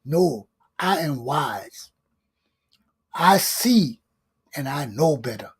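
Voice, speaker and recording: Talk host, husky mid-pitched voice, scolding, fiery monologue. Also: sing-song, drawn-out words. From Liberia. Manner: fiery, scolding, repetitive ranting. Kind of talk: impassioned political monologue.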